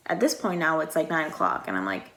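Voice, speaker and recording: A young woman from the United States, her voice low, sharp, and sing-song, speaks fast as she tells a lengthy story. Her vlog manner is rambling and chatty, with heavy use of "like" and acted-out quoted exchanges.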